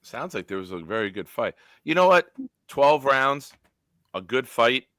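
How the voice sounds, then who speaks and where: A man hosting a casual sports live stream, animated and joking, swearing freely. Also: mid-range voice, a little slow, dry recording, studio quality. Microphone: home setup on a video call.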